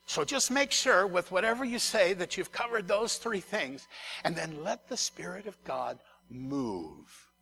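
A pastor preaches to his congregation in a loose, conversational way, doubling back on his words and speaking straight to the people in front of him. His man's voice sits a little high, with a gravelly edge and a bright, forceful tone, over a faint background noise. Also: very animated, a little slow. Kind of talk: sermon.

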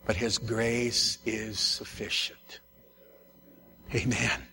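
A man's voice: fairly low pitch, flat delivery, very slow, vocal fry, sharp tone, slight background noise. A male pastor preaching a sermon, emphatic and repeating his key phrases, speaking familiarly to his congregation in a church. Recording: long echo of a large church hall.

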